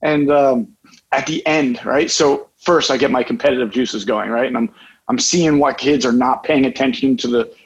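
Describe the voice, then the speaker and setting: A man, a life coach, talking in a casual podcast chat, telling a lively story and often checking in with "right?". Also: mid-range voice. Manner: energetic, fast storyteller saying "right?" often. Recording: slightly dull, lo-fi podcast audio.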